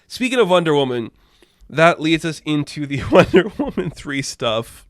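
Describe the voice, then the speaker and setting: Chatty male commentator, rambling and laughing, a little high-pitched, dry close mic. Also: sing-song, moderate pace, dry recording. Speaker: pop culture commentator. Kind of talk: casual commentary.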